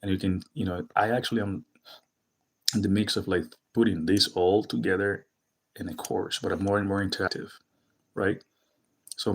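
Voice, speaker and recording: A man's voice: low-pitched, flat delivery, a little fast, slightly rough. A man with a Dominican accent giving a casual spoken lesson, loose and chatty with plenty of filler words. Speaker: Spanish teacher.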